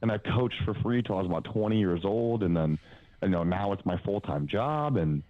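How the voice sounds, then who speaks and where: A man's voice: lowish voice, expressive, brisk, no echo, phone-quality sound. A man in his twenties, a powerlifting coach guesting on a podcast, telling stories casually in a rambling way with lots of fillers and the odd swear. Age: 20s. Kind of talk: casual storytelling.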